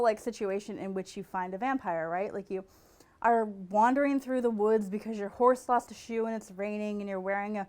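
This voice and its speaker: A woman hosting a podcast in casual comedic chat, animated, laughing and breaking into incredulous outbursts. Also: fairly high pitch. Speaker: podcast host.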